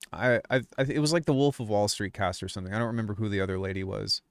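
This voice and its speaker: A man's voice: lowish voice, clean tone, no room sound, studio quality. A young man ranting casually on his music channel, swearing often and rambling through restarts as he gets worked up. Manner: swears a lot, rambling, fired up. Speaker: music producer YouTuber. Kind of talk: casual livestream rant.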